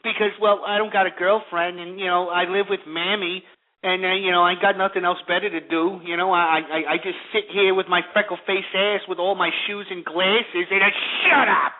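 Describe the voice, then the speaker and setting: A man doing a sneering impression of a lonely prank caller who brags about himself. The voice is high and the sound is thin and tinny, like lo-fi radio. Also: level tone, moderate pace, close to an everyday voice. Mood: mocking. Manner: mocking, sneering.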